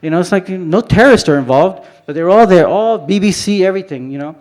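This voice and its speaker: This photographer talks fast and animatedly in a high, slightly mellow voice during an informal conference presentation in a hall. His delivery wanders, full of restarts and "you know" fillers.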